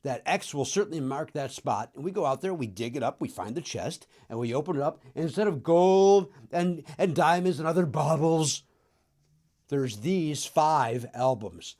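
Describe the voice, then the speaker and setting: A man's voice: on the high side, lively intonation, a little mellow. A middle-aged man from the Chicago area hosting a comedic monologue about old records, riffing and mocking himself. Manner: self-mocking, riffing, throws in quick silly voices. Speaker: podcast host.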